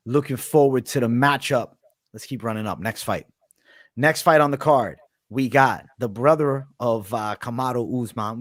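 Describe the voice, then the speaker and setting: A man's voice: mid-range voice, no room sound, studio quality. A man co-hosting a casual sports betting chat, blunt and emphatic, swearing now and then. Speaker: co-host of a fight betting show.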